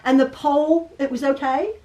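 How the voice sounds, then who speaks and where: Chatty middle-aged woman host, high voice, laughs through a rambling story. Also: fairly even intonation, moderate pace, warm tone, muffled recording. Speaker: quilting video host. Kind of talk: casual storytelling to camera.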